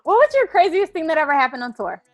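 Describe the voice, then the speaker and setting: A woman's voice: very high voice, sing-song, quick pace, faint music behind. A woman interviewer asking light, bubbly questions to her guests.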